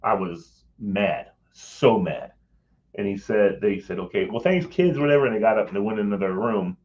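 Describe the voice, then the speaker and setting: A man's voice: fairly low pitch, fast, a little mellow. A man telling a personal story in a rambling, casual way, with some swearing, acting out what others said. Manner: rambling, swears, acts out quoted voices. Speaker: former Capitol Hill staffer telling a story. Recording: dull lo-fi audio.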